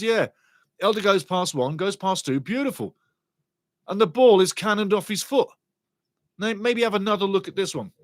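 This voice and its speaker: Sitting high and speaking a little fast, with no room sound, this fan commentator passionately follows a live football match. He cheers on his side excitably and reads out comments from the chat.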